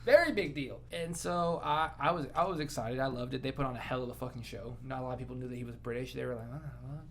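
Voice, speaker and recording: A man's voice: mid-range voice, quick pace, few pauses, a bit bright, slight background noise. A man co-hosting a podcast, telling rambling, profane stories with enthusiasm in casual chat. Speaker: podcast co-host.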